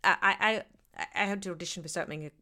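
A British woman talks as a podcast guest, her voice pitched on the low side yet bright and forward. She tells candid stories with a wry, self-mocking edge in easy conversation. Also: quick pace. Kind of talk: conversational interview.

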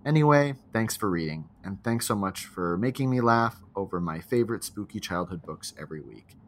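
A man's voice: sits low, lively intonation, brisk. A man co-hosting a podcast, reading a listener's spooky story aloud and chatting, laughing often. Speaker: podcast co-host.

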